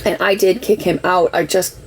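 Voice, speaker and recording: A woman talks through her side of things on a casual live stream, her voice gravelly with a lot of fry. She rambles in an emotional, defensive way and leans on "like" constantly. A faint background hum runs under her voice. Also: lowish voice, fairly even intonation, normal speed, poor audio. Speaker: livestreamer telling her side.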